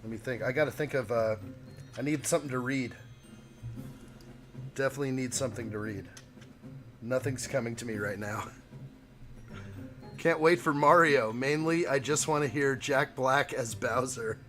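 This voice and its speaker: A man's voice: mid-range voice, normal speed, long pauses, a bit bright, faint music behind. A man hosting a casual live stream, joking around and reading viewer chat aloud. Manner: playful, jokey, reads chat aloud.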